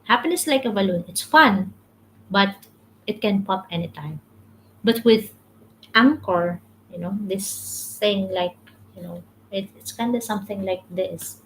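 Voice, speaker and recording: Slow, halting woman leading a devotional. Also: medium pitch, slight background noise, poor audio. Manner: halting, repeats words, reads viewer comments. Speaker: devotional livestream host. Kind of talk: casual devotional teaching.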